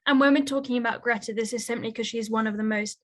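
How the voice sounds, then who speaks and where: A woman's voice: on the high side, fairly even intonation, fast. A young woman, a conservationist and author answering interview questions in an articulate, earnest way. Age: young adult.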